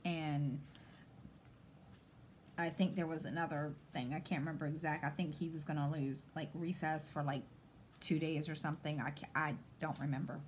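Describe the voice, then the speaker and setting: Low-voiced chatty mom rambling. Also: female voice, fairly even intonation, moderate pace, slight background noise. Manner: rambling, retells talks with many "I said" and "you know". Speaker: mother and stitching vlogger. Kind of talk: casual chat while stitching.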